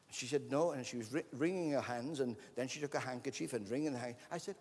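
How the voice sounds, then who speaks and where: A man's voice: mid-range voice, a little fast, breathy edge. A man preaching a sermon, telling stories and acting out the voices of the people in them. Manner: anecdotal, acts out quoted voices. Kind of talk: sermon with storytelling. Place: church hall. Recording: long reverb of a large hall.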